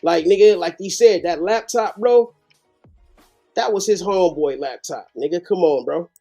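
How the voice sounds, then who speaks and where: A man's voice: high voice, normal speed, creaky, warm tone, faint music behind. A man hosting a live reaction show, commenting animatedly with heavy slang and profanity. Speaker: host.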